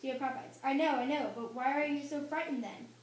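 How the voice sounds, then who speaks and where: A young woman reading a play script aloud for a class, with dramatic lines and hushed asides. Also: sits high, fairly even intonation, fairly quick. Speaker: student reader. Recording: echoey room, faint noise.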